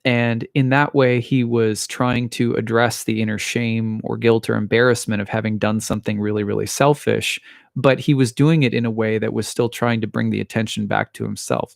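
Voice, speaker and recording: Gravelly-voiced man musing aloud. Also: fairly low pitch, steady tone, normal speed, dry recording, studio quality. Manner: thoughtful, with frequent restarts and small laughs. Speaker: astrologer. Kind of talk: reflective personal monologue.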